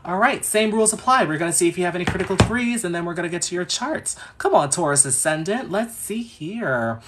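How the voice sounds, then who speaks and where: A man's voice: high voice, expressive, quick pace, a bit bright, slight background noise. A man giving astrology chart readings on a casual livestream, chatty and sassy with rambling asides.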